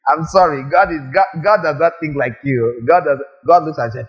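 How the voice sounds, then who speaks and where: Male preacher, high voice, animated sermon, rhetorical questions, muffled lo-fi recording. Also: moderate pace, hardly any pauses, faint music behind.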